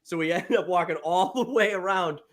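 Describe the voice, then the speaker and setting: A man's voice: sits high, fairly quick. A man telling a rowdy story from his youth on a casual podcast, swearing freely and laughing as he goes. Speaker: podcast co-host.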